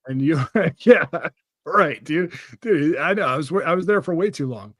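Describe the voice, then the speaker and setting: A man's voice: a little high, lively intonation, normal speed, a bit bright, no echo. A young man hosting a podcast, chatting casually, with a rambling, profane way of talking and lots of fillers. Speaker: podcast host. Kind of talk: casual chat.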